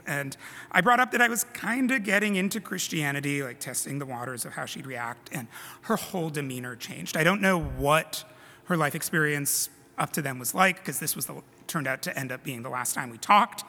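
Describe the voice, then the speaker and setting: A man delivers a sermon to his congregation, slipping into conversational, self-deprecating asides. His voice sits a little high and sounds bright and forceful. Long reverb from the church sanctuary trails behind his words. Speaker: preacher.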